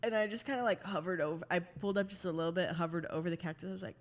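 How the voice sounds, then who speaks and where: A woman's voice: lowish voice, rapid-fire. A woman, a podcast host and wedding photographer, telling a story in a laid-back, casual chat. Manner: laid-back anecdotal delivery.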